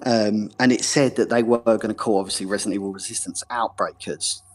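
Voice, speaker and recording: A man's voice: fairly low pitch, fairly even intonation, brisk. A man with a British accent, a guest on a live stream, chatting casually and explaining his points at length with jokes. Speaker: guest commentator.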